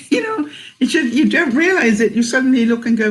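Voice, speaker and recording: A woman's voice: high-pitched, big pitch swings, fairly quick. An older woman from Canada, vlogging in a casual livestream chat, talking chattily, laughing often and reading viewer comments aloud.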